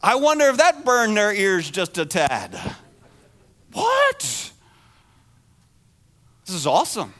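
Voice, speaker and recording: A male pastor delivers a sermon in a high, bright voice. He talks slowly and unhurriedly but with a lively, swooping pitch. He acts out the words of the people he preaches about.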